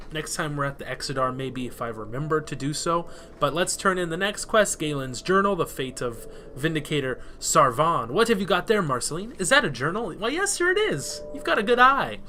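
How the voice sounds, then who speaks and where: A man giving rambling, excitable let's play commentary, swearing freely while he plays. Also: a little high, normal speed, slight background noise. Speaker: gameplay commentator.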